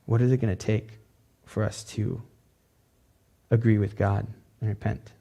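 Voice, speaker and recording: A man preaching a sermon in a relaxed, conversational way. His voice is dark and gravelly, with a husky edge. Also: lowish voice, unhurried. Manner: conversational, loose with "like" fillers. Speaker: pastor.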